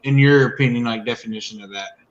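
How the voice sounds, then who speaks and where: A man's voice: medium pitch, fast, roomy sound, dull audio. An easygoing man chatting on a live stream and laughing along, with noise behind him. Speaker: chat participant. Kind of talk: casual live-stream chat.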